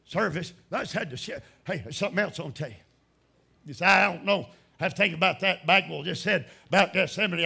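A preacher with a high, gravelly, husky voice delivers a fiery sermon. His tone is sharp and bright, and he speaks slowly and deliberately. He swings from shouting to a low, hushed delivery. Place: church.

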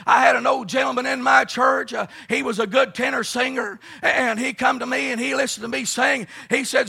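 High, gravelly shouting preacher. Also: male voice, steady tone, moderate pace, hardly any pauses. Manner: fervent, folksy storytelling with frequent "uh" and "let me tell you something". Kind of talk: shouted revival sermon. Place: camp meeting service.

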